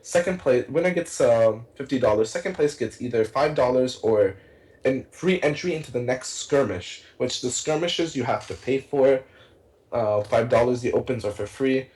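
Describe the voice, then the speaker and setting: A young man co-casting a card game tournament in a casual, rambling, excitable way, with many fillers and restarts. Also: mid-range voice, normal speed, rough recording. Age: young adult. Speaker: tournament co-caster.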